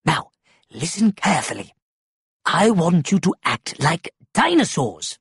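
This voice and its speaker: A storybook reader voicing a kind, calm female scientist with a gentle, reassuring delivery. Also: mid-range voice, a little slow, breathy edge, no room sound, studio quality, heavily acted.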